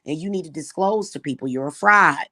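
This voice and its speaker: A woman's voice: deep voice, a little fast, bright, forceful tone, no echo, studio quality. A woman delivering a heated, profane vlog rant, repeating her points. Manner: heated, profane, repetitive ranting. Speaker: spiritual reader and vlogger. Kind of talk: angry monologue vlog.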